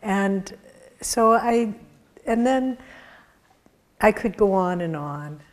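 A woman giving a sermon-style talk, telling spiritual stories in an earnest way with soft laughs. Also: mid-range voice, expressive, slow pace.

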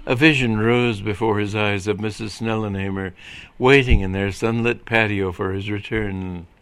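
Bright-voiced man reading a comic story. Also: fairly low pitch, steady tone, normal speed, clean tone, no room sound. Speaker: reader.

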